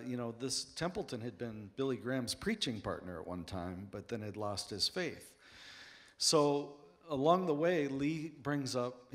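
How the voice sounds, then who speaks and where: Man, panel author, earnest storytelling in a mid-pitched voice. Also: a bit bright. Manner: earnest, anecdotal.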